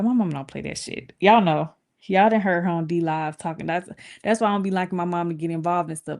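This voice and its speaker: A young woman, telling viewers a story in a casual stream and acting out quoted voices. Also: lowish voice. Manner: animated, acts out quoted voices with cursing.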